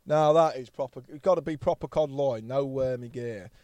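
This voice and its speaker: A man's voice: mid-range voice, moderate pace, mellow, no echo, lo-fi sound. Blunt, swearing man. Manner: blunt, swears freely, rambling anecdotes. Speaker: podcast guest. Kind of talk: casual storytelling chat.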